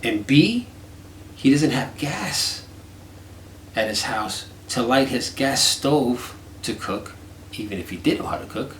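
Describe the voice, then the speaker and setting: A man casually telling a story, animated and swearing often while acting out conversations. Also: medium pitch, takes it slowly, roomy sound, slight background noise.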